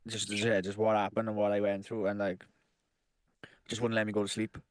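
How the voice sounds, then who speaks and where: Halting, sweary man. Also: on the low side, flat delivery, clean tone. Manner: halting, sweary, restarts often. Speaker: podcast co-host. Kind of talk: casual chat.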